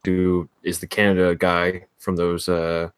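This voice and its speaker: A man's voice: deep voice, monotone, measured pace, clear, resonant tone. A man co-hosting a casual sports podcast, hedging his points with plenty of fillers. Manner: hesitant, hedging, filler-heavy. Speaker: podcast co-host.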